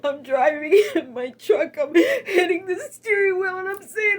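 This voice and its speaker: A middle-aged woman tells a personal story in tears, her voice breaking, with halting narration that erupts into sobbing shouts. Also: very high-pitched, fairly even intonation. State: tearful, voice breaking. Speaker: storyteller recounting a personal loss. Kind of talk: emotional personal testimony.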